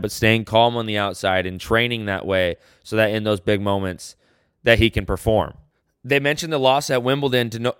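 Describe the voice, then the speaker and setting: A man's voice: on the low side, fairly bright tone, clear, resonant tone, no room sound, clean studio sound. A man hosting a solo sports podcast, talking in a loose conversational way with frequent restarts. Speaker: podcast host.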